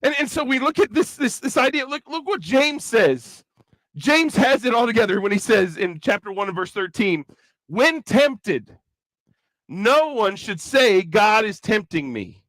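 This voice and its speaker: A man's voice: high voice, a little slow, no room sound, low-quality recording. A man with a Kentucky accent giving a chatty, joking sermon to a youth rally. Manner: chatty, joking, animated preaching. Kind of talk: conversational sermon with comic asides.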